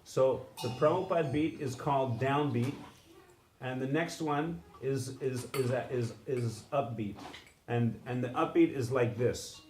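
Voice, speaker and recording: A man teaching a live instrument lesson, halting with frequent restarts and singing syllables to demonstrate sounds. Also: medium pitch, music in the background. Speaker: music teacher. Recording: echoey room with background noise.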